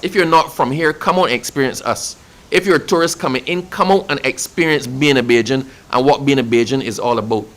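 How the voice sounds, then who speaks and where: A man's voice: medium pitch, brisk. Passionate Barbadian man, emphatic. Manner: passionate, emphatic, repeats phrases for effect. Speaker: official speaking about national celebrations. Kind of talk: interview answer.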